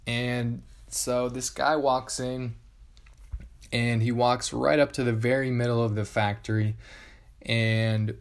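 Male podcast host, mid-pitched, conversational storyteller who repeats key words for emphasis.

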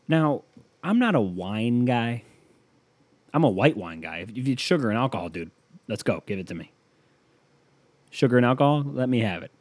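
A man's voice: medium pitch, a little mellow, no echo. A man hosting a podcast, delivering a profane, sarcastic comedic rant. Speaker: podcast host. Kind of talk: comedic monologue.

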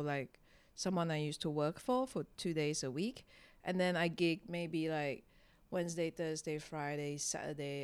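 A woman stand-up comic talks casually in an interview. Her voice sits slightly low and sounds smooth and clear. She jokes at her own expense and laughs a lot. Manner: chatty, self-deprecating, laughs often. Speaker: stand-up comedian, guest.

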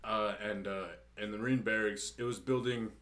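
A man's voice: lowish voice, fairly even intonation, moderate pace, a bit bright. A young man, a podcast co-host, telling a story in a casual, profane way.

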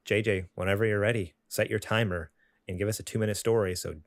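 Male podcast host, relaxed banter, mid voice, dry recording. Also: on the low side, fast, no echo. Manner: laughing, teasing. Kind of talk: casual chat.

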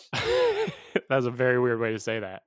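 A man's voice: mid-range voice, wildly swooping pitch, normal speed, no room sound, clean studio sound. Musing man co-hosting a podcast. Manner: musing, laughs often. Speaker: podcast co-host. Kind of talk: casual chat.

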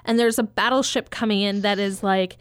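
A woman's voice: medium pitch, fairly even intonation, brisk, clear, resonant tone, dry recording, studio quality. A woman casually retelling a film scene, rambling and swearing as she acts out the characters. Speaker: podcast co-host.

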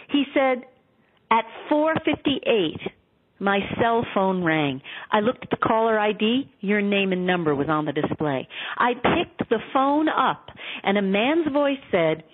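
A woman guest on a radio interview tells her stories in an earnest, animated way. Her voice is husky, and it comes through a tinny phone line. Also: mid-range voice, a little slow. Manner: earnest, animated storytelling with quoted dialogue.

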